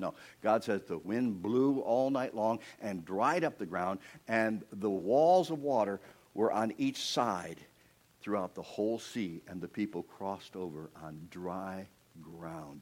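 A middle-aged man from Pennsylvania preaching a sermon, telling stories and acting out the voices, swinging between loud bursts and hushed asides. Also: low-pitched, lively intonation, a little slow. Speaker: pastor.

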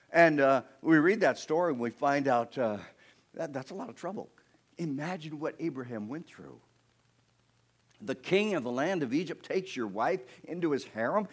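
A man preaching a sermon, telling a Bible story with animated voices for its characters and having the congregation repeat words back to him. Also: mid-range voice. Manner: animated storytelling, voicing the people in his story.

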